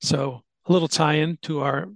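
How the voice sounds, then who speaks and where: A man's voice: a little high, fairly even intonation, measured pace, creaky, no room sound. A man hosting a podcast, casually explaining history at length with fillers and restarts. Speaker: podcast host.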